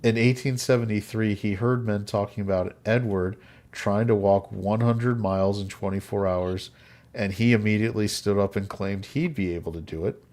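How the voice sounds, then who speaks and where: A man with a fairly low voice tells a history story to friends in a loose podcast chat. He jokes along the way and laughs often. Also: fairly even intonation, normal speed, darkish tone. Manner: laughs often, jokey asides. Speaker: podcast host.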